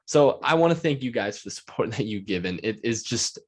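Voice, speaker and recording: A man's voice: on the low side, animated, brisk, breathy edge. A man hosting his own podcast alone, talking eagerly in a rambling way with lots of filler words. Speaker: podcast host. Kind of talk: solo podcast monologue.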